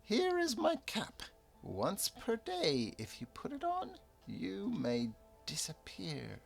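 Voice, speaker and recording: A man voicing a fussy, excitable male halfling NPC in a squeaky, sputtering voice during a solo tabletop game. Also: slow pace, vocal fry, faint music behind, full character voice. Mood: grand.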